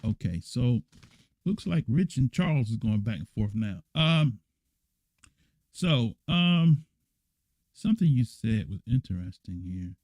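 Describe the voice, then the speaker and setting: A man's voice: mid-range voice, big pitch swings, unhurried, long pauses, a little mellow, no room sound. Blunt, emphatic man giving a dry lesson. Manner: emphatic and blunt, repeats himself and keeps asking "right?". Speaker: church elder teaching a lesson. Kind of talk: livestreamed scripture lesson, answering viewer comments.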